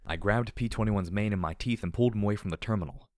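A man reads a dark adventure story aloud in a steady, measured way. His voice sits very low, and the sound is dry and close with no echo at all. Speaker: narrator. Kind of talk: audiobook reading of dark fan fiction.

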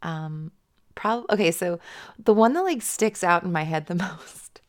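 A woman's voice: on the low side, expressive, a little slow. A young adult woman chatting casually and confessionally, giggly and self-conscious, with frequent fillers. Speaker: audio creator.

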